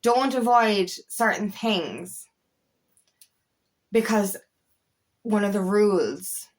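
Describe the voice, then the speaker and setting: A woman's voice: medium pitch, animated, very slow. A woman talking as an empowerment coach in a personal vlog, candid and emphatic, swearing freely as she speaks.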